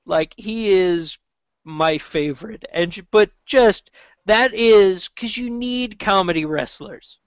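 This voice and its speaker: Canadian guy hosting a chat, rambly, slow, smooth voice, dull dry recording. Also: sits high, dry recording. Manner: rambling, restarts, swears casually. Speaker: podcast host. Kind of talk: casual chat about wrestling.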